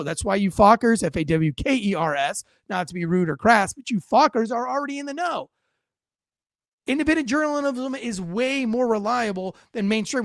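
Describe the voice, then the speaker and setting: A man's voice: sits high, creaky, dry recording, clean studio sound. A man hosting an online news commentary show, talking in a brash, conversational way with crude slang and asides. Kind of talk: casual political commentary.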